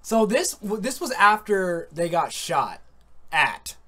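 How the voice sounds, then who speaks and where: A man's voice: high voice, sing-song, slow, sharp tone. A man hosts a casual podcast chat in a crude, heated way. He swears freely and rambles, restarting his sentences as he goes. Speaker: podcast host.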